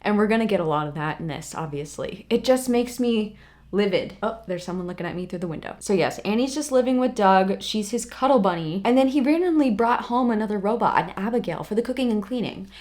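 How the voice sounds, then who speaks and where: A woman chatting casually to camera as a book vlogger, animated and emphatic, with sudden excited outbursts. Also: medium pitch, a little fast. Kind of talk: casual vlog chat to camera.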